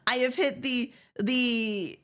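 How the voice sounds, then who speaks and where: A woman's voice: fairly high pitch, fairly bright tone. A woman from the Southern United States, speaking with a general American accent, chats casually and profanely with her viewers on a live stream, laughing often. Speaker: VTuber streamer.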